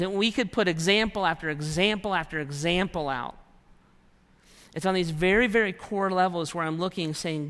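High-voiced male pastor in a reverberant hall. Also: a bit bright, smooth. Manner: conversational preaching, acts out quoted prayers. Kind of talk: sermon.

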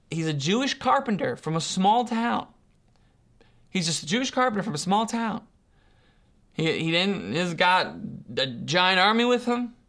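An earnest preacher delivering a sermon, leaning hard on key words and slowing down to let them land. The voice sits at an ordinary middle pitch. The talk often circles back on itself with repeated phrases and questions put to the listeners. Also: a bit bright. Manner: earnest, emphatic, asks rhetorical questions; repeats and restarts phrases, slows for emphasis.

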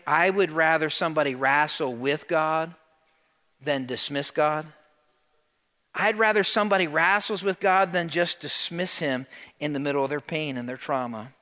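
A man's voice: a little high, bright, forceful tone, long reverb tail. A male pastor preaching a sermon in a conversational way, often calling on the congregation to answer. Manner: conversational, calls on the congregation to respond.

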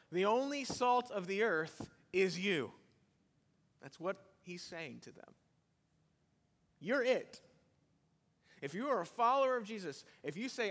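A man preaching a sermon, swinging between loud emphasis and hushed drops as he preaches to the congregation. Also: fairly high pitch, in a large hall. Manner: animated preaching, rising and dropping loudness for emphasis. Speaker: pastor.

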